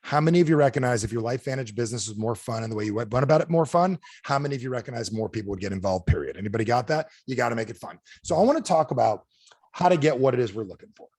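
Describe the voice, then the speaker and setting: A man delivers a lively motivational sales talk with a voice that swoops up and down. He keeps asking his listeners questions to pull them in. The sound is dry and close, with no room around it. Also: mid-range voice, racing, no room sound. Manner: animated, asks the audience repeated questions. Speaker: motivational speaker. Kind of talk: energetic sales training talk. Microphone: video call.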